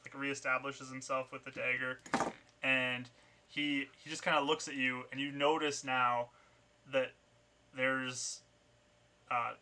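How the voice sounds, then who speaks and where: Man, game master, bright sharp voice, narrating scenes, restarts often. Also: medium pitch, level tone, slow, long pauses. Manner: descriptive, with frequent fillers and restarts.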